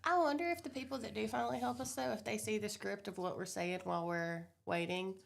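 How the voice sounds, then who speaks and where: A woman co-hosting a morning show, chiming in with short replies and quick laughs in casual chat. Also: medium pitch, gravelly.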